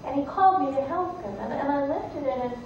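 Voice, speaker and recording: A woman's voice: high voice, animated, quick pace, highs cut off, slight background noise. A woman storyteller voicing a desperate man who stammers as he pleads. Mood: pleading. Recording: echoey room from far off.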